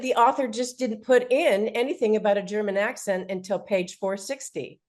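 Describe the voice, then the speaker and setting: A woman's voice: mid-range voice, steady tone, moderate pace. A woman in a panel discussion, telling anecdotes in a storytelling manner.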